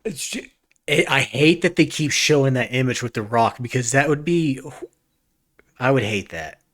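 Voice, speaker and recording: A man's voice: mid-range voice, expressive, normal speed, a bit bright. A man streaming a reaction, talking casually in an earnest, rambling way with frequent restarts.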